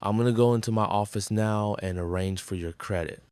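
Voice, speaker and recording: A man playing a smooth, glad-handing hotel owner. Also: fairly low pitch, brisk, darkish tone, dry recording, lightly acted. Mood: friendly. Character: smooth middle-aged male hotel owner, ex-trumpeter. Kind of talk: sitcom acting.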